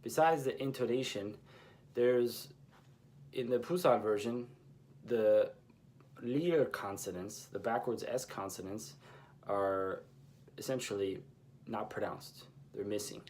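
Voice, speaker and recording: A man teaching a language lesson, explaining pronunciation in a measured, patient way with pauses between phrases. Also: lowish voice, darkish tone, a little hiss or hum.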